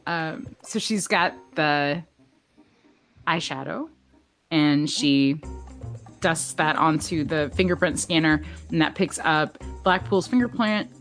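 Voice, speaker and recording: A woman co-hosting a podcast, chatting casually about a TV episode with frequent laughs and quick asides. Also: deep voice, fairly bright tone, faint music behind. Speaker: podcast co-host. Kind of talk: casual chat recapping a TV episode.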